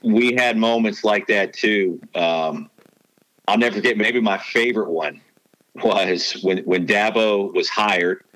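A man's voice: lowish voice, measured pace, fairly bright tone, no room sound, poor audio. A man who works as a sports announcer and former beat reporter, telling stories in a rambling way with many restarts. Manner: rambling, full of restarts and fillers. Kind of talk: storytelling podcast chat.

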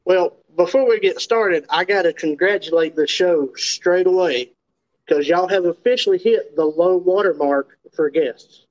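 A man's voice: high-pitched, unhurried, a little mellow, dull audio. A man from North Carolina with an Appalachian accent, a podcast guest joking in a self-deprecating way. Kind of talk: casual podcast chat.

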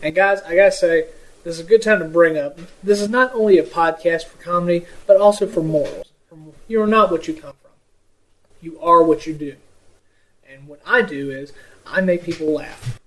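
A man's voice: a little high, normal speed, fairly bright tone, low-quality recording. A man co-hosting a comedy podcast in casual chat, joking and laughing often. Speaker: podcast co-host.

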